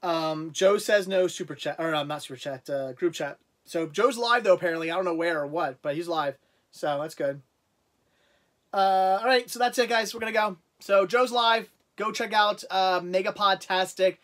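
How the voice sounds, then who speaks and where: High-pitched guy rambling on his livestream, repeats himself a lot. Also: normal speed, a bit bright. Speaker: livestream host. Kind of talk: casual livestream chat.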